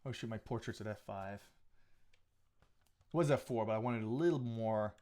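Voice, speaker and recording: A man's voice: lowish voice, moderate pace, a little mellow. A man talking casually on a live stream while he edits photos, thinking aloud with frequent restarts and small asides. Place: home photo studio.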